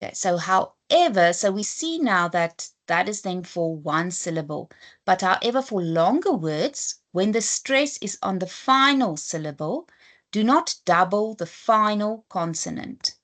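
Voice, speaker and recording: A South African woman teaching a spelling lesson at a very unhurried pace. Her voice sits fairly low, and she spells letters out one at a time with patient, careful explanations. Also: lively intonation, a bit bright. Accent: South African English. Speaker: English teacher. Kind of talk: slow, deliberate classroom lesson.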